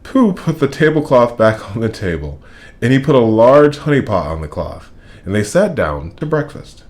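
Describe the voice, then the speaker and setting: A man reading a children's storybook aloud in an expressive, playful way. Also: mid-range voice, moderate pace. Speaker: storybook reader.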